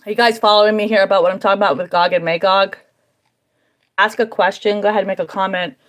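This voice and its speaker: A woman's voice: mid-range voice, fairly even intonation, fast talker, a bit bright. A woman hosting a livestream from home, talking in an emphatic, repetitive, preaching way. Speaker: livestream host. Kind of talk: casual livestream monologue. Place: at home indoors.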